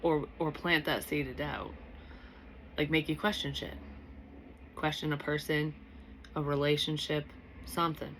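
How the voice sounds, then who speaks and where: A woman's voice: low-pitched, level tone, a little slow, pauses often, a bit bright, a little hiss or hum. A young woman working as a psychic medium, giving a casual, rambling reading and thinking aloud with frequent restarts and blunt swearing. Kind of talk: casual spoken tarot reading.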